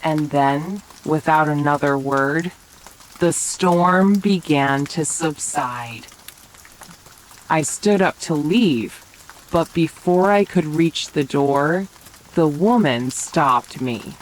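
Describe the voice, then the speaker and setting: Low-voiced woman narrator, whispered role-play, slow and gentle for sleep. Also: slight background noise, poor audio. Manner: slow, soft bedtime narration. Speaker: storyteller. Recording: faint rain sounds behind.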